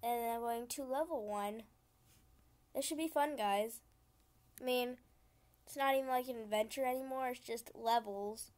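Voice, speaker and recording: A woman's voice: on the high side, normal speed, long pauses, a little mellow. A young woman casually commenting as she plays a computer game, chatty and easily frustrated, often laughing. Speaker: gaming channel host.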